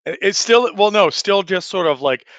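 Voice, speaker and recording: A man's voice: sits high, lively intonation, moderate pace, fairly bright tone, dry recording, highs cut off. A man in his forties telling a rambling, profane anecdote in casual chat, full of fillers and restarts. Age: 40s. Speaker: player telling a story.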